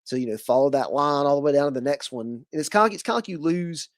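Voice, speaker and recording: A man's voice: on the high side, lively intonation, fast talker, dry recording, clean studio sound. A man with a Southern US accent hosting a casual podcast interview, rambling with lots of fillers and restarts. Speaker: podcast host.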